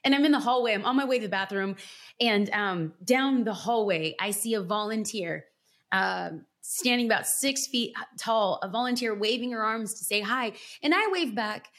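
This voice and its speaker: A woman church planter, a podcast guest, telling an emotional personal story with earnest, animated delivery. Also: medium pitch. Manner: animated, earnest, pace swings from rapid to drawn out.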